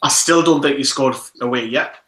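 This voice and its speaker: A chatty man on a casual online quiz stream, running through viewer names and score updates. His voice is bright and forward, and it rings around a noticeably echoey room. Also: mid-range voice, moderate pace. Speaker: co-host and quiz contestant. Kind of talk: casual chat. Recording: roomy echo.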